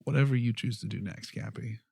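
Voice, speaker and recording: A man voicing a quiet, awkward male mentor who speaks softly and haltingly. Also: on the low side, vocal fry, slightly rough, no room sound, studio quality, exaggerated voice. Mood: tender. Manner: soft-spoken, halting, gentle.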